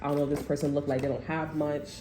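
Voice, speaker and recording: A woman's voice: low voice, flat delivery, racing, dark tone, slight background noise. A woman giving a casual tarot reading, rambling and profane, with slangy talk and bursts of laughter. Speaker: tarot reader. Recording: echoey room.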